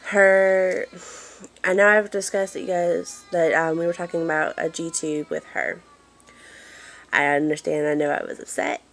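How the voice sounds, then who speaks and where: A woman's voice: low-pitched, level tone, a little slow, soft background music. A woman chatting casually in a home vlog, apologetic and rambling with lots of fillers, filming on a handheld phone in a dim room. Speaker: mother giving a family update.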